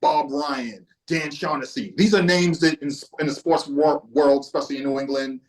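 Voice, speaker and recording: A Boston man who is a music historian appears as a podcast guest, telling a laid-back, profane story in casual conversation. His voice is fairly high at a normal speed, and the recording quality is poor.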